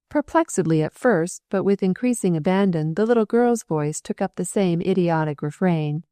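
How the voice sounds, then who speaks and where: A woman narrating a novel as an audiobook, telling the story in an expressive, dramatic way. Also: lowish voice, normal speed, few pauses, clear, resonant tone, no room sound, clean studio sound.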